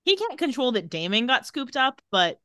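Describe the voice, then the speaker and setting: A woman talks through a TV episode scene by scene with her podcast co-host. Her voice is bright and ranges widely as she jumps between quotes, and the sound is dry and close. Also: sits high, no room sound. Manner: animated, laughs often, brisk scene-by-scene retelling. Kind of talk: casual chat, retelling scenes with quick quotes.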